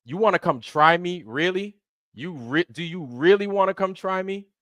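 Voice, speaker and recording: A man's voice: high voice, lively intonation, moderate pace, fairly bright tone, no echo, studio quality. A man hosting a livestream, ranting angrily in a heated, profane, repetitive way. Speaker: livestream host. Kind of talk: angry livestream rant.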